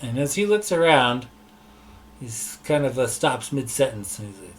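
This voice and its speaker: A man running an online tabletop game as game master, talking in a loose, relaxed way with lots of fillers and restarts. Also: medium pitch, moderate pace, a little hiss or hum. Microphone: online session mic.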